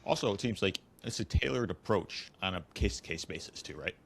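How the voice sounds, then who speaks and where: A man with a very deep voice and a lively, rising and falling delivery asks questions. His replies are short and affirming. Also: fairly quick, vocal fry, slightly rough. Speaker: interview host. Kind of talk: casual interview questions.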